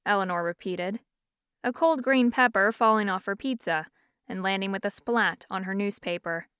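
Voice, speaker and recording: A woman reading an audiobook as narrator in an even, smooth storytelling manner. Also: mid-range voice, moderate pace, no room sound, clean studio sound. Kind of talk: scripted narration.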